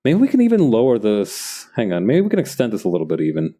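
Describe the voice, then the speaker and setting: This comic artist talks fast in a fairly low, mellow voice with huge pitch swings. Working on his comic live, he chats loosely, rambling off into reflective asides between drawing remarks.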